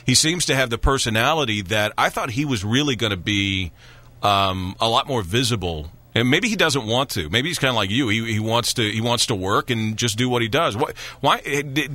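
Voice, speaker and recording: A man's voice: medium pitch, expressive, moderate pace, sharp tone. A man hosting a radio interview, chatty, with stumbling restarts. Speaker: radio show host.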